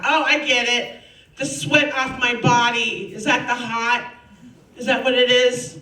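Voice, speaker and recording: A brash woman in her forties rants through a stand-up set. She swears freely and takes her time, with a slow, drawn-out delivery. She is recorded from a distance in a roomy club with a crowd. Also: on the high side, flat delivery, bright, forceful tone. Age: 40s. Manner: brash, profane, ranting. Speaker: stand-up comedian. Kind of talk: stand-up comedy.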